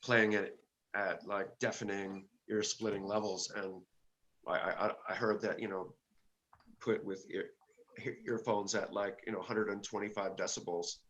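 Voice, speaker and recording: A low-pitched older man talking casually as an interview guest. He speaks haltingly, with frequent fillers and restarts as he works through his stories. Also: steady tone, fairly bright tone, dull audio, a little hiss or hum. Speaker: guest musician.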